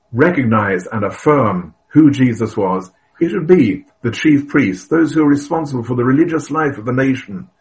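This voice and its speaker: A man preaching a sermon, earnest and emphatic, telling stories with the odd filler and cleared throat. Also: medium pitch, rough recording.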